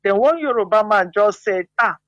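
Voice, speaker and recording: Nigerian woman caller, fervent storyteller, higher voice, dull call audio. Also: animated, moderate pace, dry recording. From Igbo land, Nigeria. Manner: passionate, repetitive, talks in long run-on stories. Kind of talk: call-in radio commentary. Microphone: WhatsApp call.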